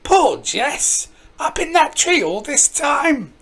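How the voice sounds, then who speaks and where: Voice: high voice, big pitch swings, slow, a bit bright, voice pushed up, exaggerated voice. A storybook reader voicing a stern elderly countrywoman who scolds the others, in a raised voice. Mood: cross.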